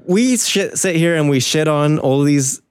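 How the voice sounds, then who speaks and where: A man's voice: on the high side, lively intonation, a little slow, smooth, no echo, clean studio sound. A man co-hosting a casual podcast chat, laughing often and swearing freely. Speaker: podcast co-host.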